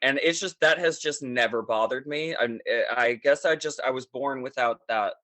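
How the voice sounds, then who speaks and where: Brash, bright-voiced man in his thirties. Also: medium pitch, moderate pace, no echo. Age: 30s. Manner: candid, profane and animated. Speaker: podcast guest. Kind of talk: casual interview talk.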